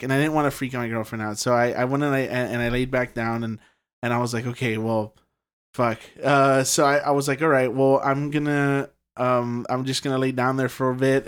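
A young man in casual conversation, telling a long personal story. His speech rambles with constant fillers and frequent swearing, at an ordinary pitch for a man. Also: fairly even intonation, brisk, clear, resonant tone. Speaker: podcast guest telling a ghost story.

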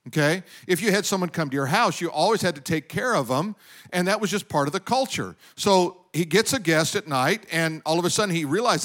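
Animated man preaching a sermon. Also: a little high, fairly quick. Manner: animated, asks the congregation questions. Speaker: pastor.

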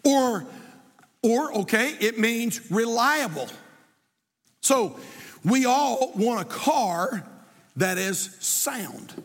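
A man preaching as a pastor, building to shouts and repeating his points. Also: very high voice, expressive, drawn-out words, pauses often, in a large hall. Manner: impassioned preaching, often shouting, with repetition. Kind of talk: sermon. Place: church sanctuary.

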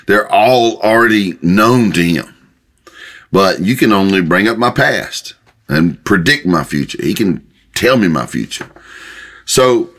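A male pastor, preaching a sermon with animated delivery and sudden jumps in pitch when voicing God. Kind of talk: podcast sermon teaching.

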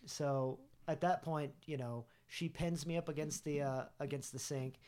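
A man with a slightly higher voice tells a long, rambling story as a podcast guest. He keeps stopping and restarting his sentences in a casual, chatty way. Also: steady tone, moderate pace, warm tone, clean tone.

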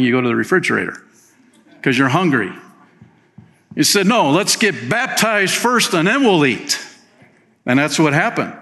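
Guy pastor preaching, laid back and chatty, middle pitch voice. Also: a bit bright. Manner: casual, conversational storytelling with asides; slips into playful voices for quoted people. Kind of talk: sermon.

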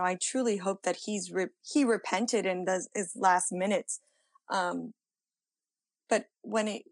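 A woman's voice: medium pitch, dry recording, rough recording. Young woman, thoughtful interview guest. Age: young adult. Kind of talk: interview answers.

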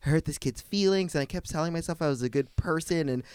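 A man's voice: a little high, fast talker, a little mellow, smooth, dry recording, studio quality. A man co-hosting a casual chat, telling a story with lots of "like" and frequent laughter. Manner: chatty, fillers "like", laughs often. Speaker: podcast co-host, comedian.

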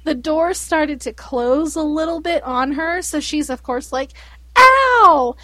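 A woman in her thirties telling an everyday story in casual chat, animated and acting out quotes. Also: high-pitched, measured pace, no echo.

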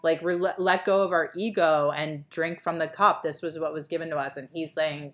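A young woman co-hosting a casual podcast chat, rambling with lots of fillers and trailing off softly. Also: sits low, steady tone, normal speed. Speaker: podcast co-host.

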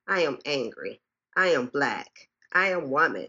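A woman's voice: deep voice, big pitch swings, unhurried, bright, forceful tone. A woman performing her own spoken-word poem on a podcast, rhythmic and emphatic, leaning on repeated refrains. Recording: muffled lo-fi recording.

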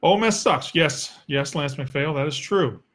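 A man's voice: a little high, measured pace, a bit bright. A young man with a Southern US accent, hosting a casual solo sports Q&A in a blunt, profane and sarcastic way. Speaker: sports podcast host.

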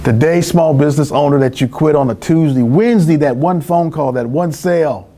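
A middle-aged man from California telling a personal story in an interview, acting out quoted voices with lively pitch swings. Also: fairly quick, a little hiss or hum. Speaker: guest author.

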